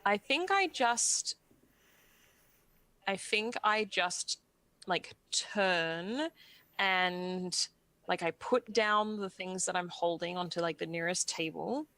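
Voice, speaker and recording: Bright-voiced woman tabletop player. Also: fairly low pitch, lively intonation, takes it slowly, no echo. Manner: hesitant, thinks aloud with many fillers. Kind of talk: tabletop role-play in character and out.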